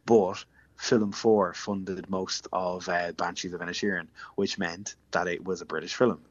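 An Irish man with a low, deep voice chats about an event in a loose, storytelling way. The sound is dull and muffled, and the room is dry and close with no echo. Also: little pitch movement, unhurried. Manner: chatty, anecdotal storytelling. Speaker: entertainment reporter. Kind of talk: casual radio chat.

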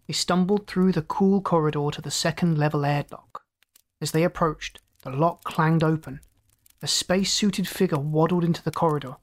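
A man reading a science fiction story aloud in a steady, measured narration that rises in pitch for characters' lines. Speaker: audiobook narrator.

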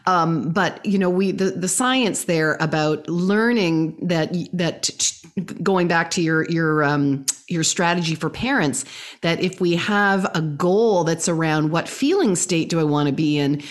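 Earnest, lower-voiced woman host. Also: measured pace. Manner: earnest and animated, with frequent restarts. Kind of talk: casual conversation.

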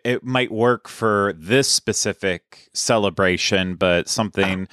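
A man co-hosting a podcast in casual chat, relaying news details in a relaxed way. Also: lowish voice, clean tone, no echo, clean studio sound. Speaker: podcast co-host.

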